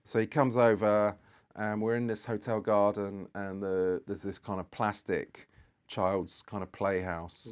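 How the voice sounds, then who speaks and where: A man's voice: on the low side, little pitch movement, a little slow, clean tone. A British man telling stories as a guest on a podcast, rambling along with lots of fillers and restarts. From Britain. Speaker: guest photographer. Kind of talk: anecdotal podcast storytelling.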